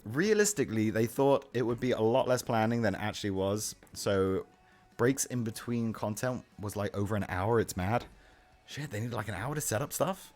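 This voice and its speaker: A man's voice: lowish voice, moderate pace, a little mellow. A young man streaming live, chatting casually with his chat, answering questions and swearing offhand. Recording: faint music in the background. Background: faint music.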